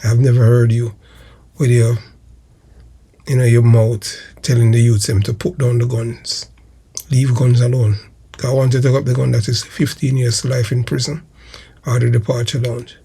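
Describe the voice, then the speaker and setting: A Jamaican man hosting his channel, delivering a slow, emphatic, repetitive accusatory monologue. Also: medium pitch, little pitch movement, creaky, warm tone, slightly rough. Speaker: channel host.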